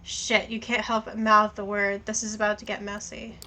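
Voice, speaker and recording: A woman streaming a story game, reading its text aloud and thinking out loud in a casual way, with plenty of swearing. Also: mid-range voice, monotone, moderate pace, low-quality recording.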